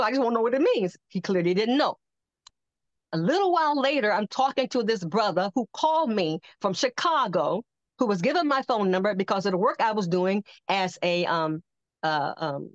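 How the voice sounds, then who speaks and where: An older woman on a podcast telling a personal testimony, animated and acting out the voices she quotes. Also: mid-range voice, dry recording. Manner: animated storyteller who acts out quoted voices. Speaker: podcast guest. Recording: dull lo-fi dry sound.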